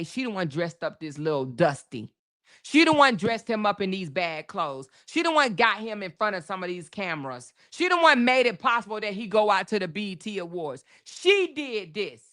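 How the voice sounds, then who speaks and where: Female host, casual drama commentary; AAVE, emphatic, profane, playful mimicry. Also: lowish voice. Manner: sassy, emphatic, profane, acts out quotes.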